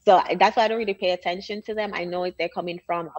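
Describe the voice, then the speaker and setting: An assertive woman speaking as a podcast guest, her voice lower than most women's, stating her views matter-of-factly and building them step by step. She comes through a remote call with dull, lo-fi sound. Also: steady tone, racing, a little mellow. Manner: assertive, matter-of-fact, argues in reasoned steps. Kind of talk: casual podcast conversation.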